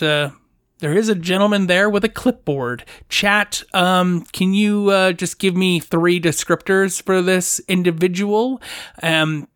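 A woman's voice: on the low side, smooth, no room sound, studio quality. A woman running a tabletop role-playing game as game master, playful and often laughing.

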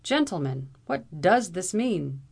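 A woman voicing a composed young gentleman who speaks politely and with restraint. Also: on the low side, very animated, takes it slowly, husky, exaggerated voice. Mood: alarmed.

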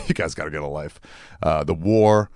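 A man's voice: a bass voice, normal speed, a little mellow, no echo, studio quality. A man in his forties, a comedian delivering a rambling, profane, sarcastic monologue.

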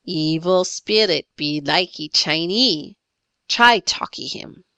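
A woman voicing a small, grave, superstitious boy who talks slowly in broken pidgin English in a storybook reading. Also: lowish voice, pushed and bright, dry recording, full character voice.

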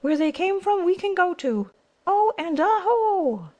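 A woman voicing a fat older male monkey brother who calls out in a high, loud voice. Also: expressive, normal speed, dull audio. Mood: falsely hearty.

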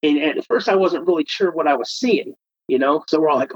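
Casting: young man, husky lo-fi storyteller, a bit high, animated. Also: brisk. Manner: animated, acts out quoted friends. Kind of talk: casual personal storytelling. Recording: dull lo-fi recording.

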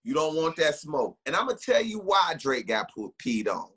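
A man with a high, bright voice and a slightly husky edge holds forth on a podcast. He talks in an emphatic, opinionated way, building his point like a story in loose, casual conversation. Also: sing-song, moderate pace. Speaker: podcast co-host.

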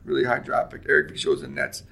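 Brief: forties Canadian man, a guest spinning lively stories, rough and edgy in tone. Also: very deep voice, fast talker. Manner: animated storyteller, shouts out quoted lines. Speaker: guest, former pro hockey player. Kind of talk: storytelling interview.

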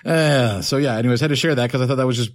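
A man's voice: mid-range voice, rapid-fire. A young man co-hosting a podcast in casual chat, telling stories with lots of swearing. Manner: animated storytelling, swears freely. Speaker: podcast co-host.

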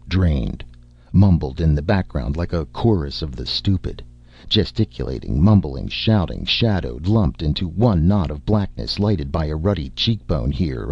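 A man reading a story aloud in measured, expressive narration, in a dull lo-fi recording. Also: extremely low pitch, creaky, slightly rough. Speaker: audiobook narrator. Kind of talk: scripted narration.

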